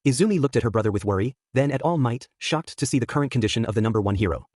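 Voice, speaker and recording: A man's voice: mid-range voice, animated, very fast, a little mellow, dry recording, clean studio sound. A man reading a fan fiction story aloud, narrating and voicing the characters. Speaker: fanfic narrator. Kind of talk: scripted narration with character voices.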